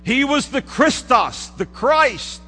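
A man preaching a sermon in a church, dropping to hushed low asides and rising to emphatic declarations. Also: big pitch swings, slow. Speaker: pastor. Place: church sanctuary. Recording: hall reverb with mains hum.

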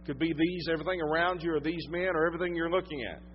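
A man with a Southern US accent, preaching a sermon as a pastor. He swings from loud emphasis to hushed tones and draws out his phrases. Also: fairly high pitch, steady tone, rapid-fire, highs cut off, faint music behind.

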